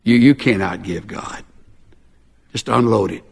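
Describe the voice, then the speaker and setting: A pastor preaching a sermon in a folksy, animated way with self-mocking humor. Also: male voice, fairly low pitch, measured pace, vocal fry, husky, big-room sound.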